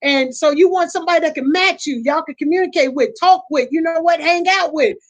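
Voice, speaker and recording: A middle-aged woman hosting a casual chat, telling animated stories, laughing often, and repeating and restarting her phrases. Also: very high voice, a little fast. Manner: animated storytelling, laughs often, acts out quotes. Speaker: host.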